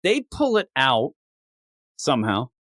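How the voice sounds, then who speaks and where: A man with a lively voice that swings up and down, recapping a comic book in casual podcast talk. He is sarcastic and profane and keeps acting out the characters' lines. The sound is dry and close. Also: medium pitch, measured pace, no echo. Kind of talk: casual comic review chat.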